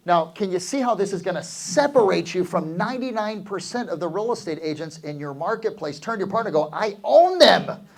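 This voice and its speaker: A middle-aged man leads a live seminar with real estate agents, speaking in an energetic coaching tone. He keeps turning to the crowd with quick questions and calls for answers. His voice sits a little higher than most men's. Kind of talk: live seminar talk to an audience.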